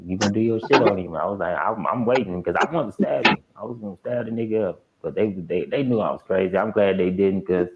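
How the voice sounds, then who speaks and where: A man's voice: low-pitched, fast, few pauses, lo-fi sound, heavy background noise. A man telling a story in casual slang, acting out other people's lines. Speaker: guest telling a prison story.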